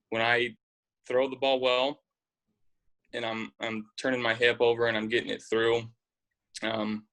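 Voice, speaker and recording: Young guy, bright-toned, easygoing, rambling interview guest. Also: on the low side, poor audio. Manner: relaxed, rambling with fillers. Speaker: football quarterback guest. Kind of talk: casual interview chat.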